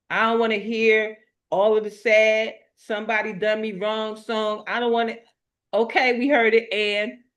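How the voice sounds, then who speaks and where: Emphatic middle-aged woman motivational speaker. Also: mid-range voice. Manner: emphatic, preacher-like repetition with storytelling. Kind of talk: motivational talk.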